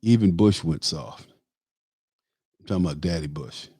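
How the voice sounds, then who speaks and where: A man's voice: deep voice, normal speed, mellow, breathy edge, no echo, clean studio sound. A man hosting a talk show, delivering an emphatic, opinionated political monologue that rambles with fillers. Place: Tampa area.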